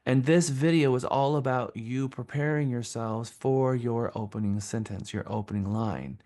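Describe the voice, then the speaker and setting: A man's voice: medium pitch, normal speed, warm tone. A man leading a live sales training session, talking in an enthusiastic, emphatic way and repeating phrases for stress.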